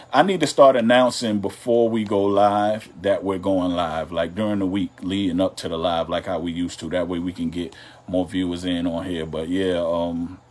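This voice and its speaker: A man's voice: low voice, a little mellow. A man co-hosting a live couples talk show, chatting casually in a loose, drawling and teasing way. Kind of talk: casual live-stream chat.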